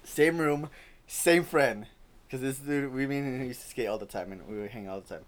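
A young man co-hosting a podcast who tells a scary story in casual slang and swears freely, getting louder and more excited as it goes on. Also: medium pitch, normal speed. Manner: slangy, profane, grows loud and excited while telling a scary story. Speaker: podcast co-host.

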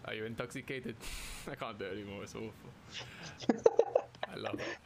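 A man's voice: fairly low pitch, sing-song, moderate pace, creaky, warm tone, slight background noise. A man hosting a casual chat, playful and laughing a lot.

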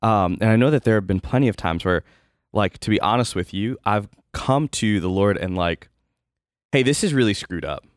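Earnest man, low voice, candid chat. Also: normal speed, no room sound, clean studio sound. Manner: earnest, candid, talks in fillers and restarts. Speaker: co-host. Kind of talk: casual podcast chat.

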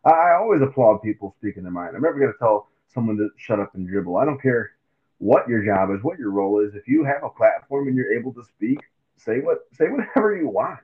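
A man's voice: mid-range voice, brisk. Man on a tinny, phone-like mic. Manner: animated, acts out quotes in silly voices. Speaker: podcast co-host. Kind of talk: casual sports chat.

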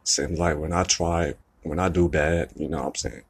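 A deep, husky young man pours out his hurt in a rambling monologue. He swears freely and keeps circling back to the same phrases. He sounds upset and close to tears throughout. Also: steady tone, normal speed. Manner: rambling, profane, repeats "you know what I'm saying". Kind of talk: emotional venting monologue.

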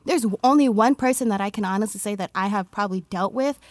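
A woman's voice: mid-range voice, fast, darkish tone, dry recording, clean studio sound. A woman co-hosting a casual chat, blunt and argumentative, swearing freely. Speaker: podcast co-host.

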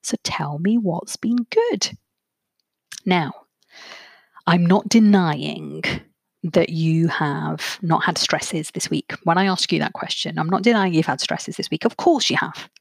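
A woman, a therapist hosting her own podcast, explaining ideas in a clear, measured way and slowing down to stress key phrases. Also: low voice, dry recording, studio quality. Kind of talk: solo podcast talk.

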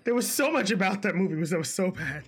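A man co-hosting a casual podcast chat, animated and joking, often laughing at his own complaints. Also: sits high, quick pace.

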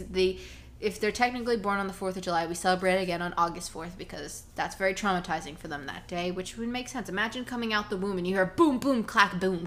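A woman co-hosting a podcast, telling stories in a casual, animated chat full of fillers. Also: lowish voice, slight background noise. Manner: chatty, animated storytelling with many fillers. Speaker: podcast co-host.

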